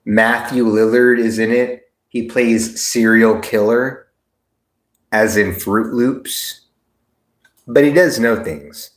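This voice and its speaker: A man hosting a casual livestream, rambling and excitable, swearing freely. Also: fairly low pitch, takes it slowly, reverberant. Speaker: livestream host.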